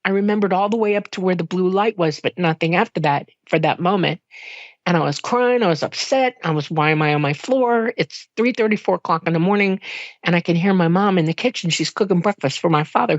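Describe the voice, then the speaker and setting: Animated woman telling a dramatic story. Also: fairly quick, no room sound. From Miami, Florida. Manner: animated, emotional retelling with sudden jumps in pitch when quoting herself; casual, conversational, with frequent fillers and laughs. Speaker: interview guest. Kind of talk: personal storytelling in an interview. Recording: dull, dry lo-fi sound.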